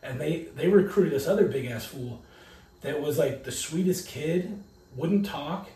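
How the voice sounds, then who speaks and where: A young man co-hosting a podcast, telling crude, animated stories in a casual chat. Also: fairly high pitch, a little slow. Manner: profane, animated storytelling with bursts of loud impressions. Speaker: podcast co-host. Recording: echoey room, mic at a distance.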